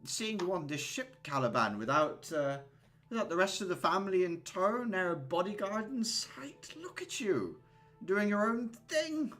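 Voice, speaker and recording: A man's voice: big pitch swings, measured pace, a bit bright, faint music behind, heavily acted. A man voicing a plump, smug and jovial middle-aged uncle in a tabletop game, with theatrical, fussy talk. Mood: probing. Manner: theatrical, fussy, high-pitched gushing.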